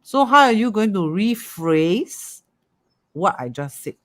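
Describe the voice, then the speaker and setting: Metaphysics teacher, livestream class, animated, keeps checking "okay?". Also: medium pitch, slow. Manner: animated, repeats "okay?" and "ah", coaxing.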